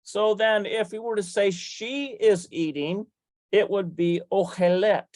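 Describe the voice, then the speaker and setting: Slow, methodical language teacher. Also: mid-range voice, a little mellow, no room sound. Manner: methodical, spells out letters and vowels step by step; thinks aloud with frequent fillers and self-corrections. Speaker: Hebrew teacher. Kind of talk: online grammar lesson.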